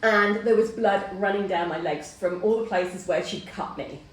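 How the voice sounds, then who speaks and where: A middle-aged woman hosting a casual chat, telling a personal story in an animated way and acting out the voices of people in it. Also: medium pitch, normal speed. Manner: animated storyteller who acts out quoted voices. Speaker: host. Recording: roomy, distant mic.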